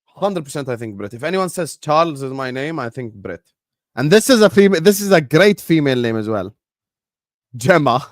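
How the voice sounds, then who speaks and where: A man's voice: fairly high pitch, expressive, normal speed, no room sound, studio quality. A man whose first language is Arabic, hosting a football watchalong stream and bantering casually with his chat in a joking manner.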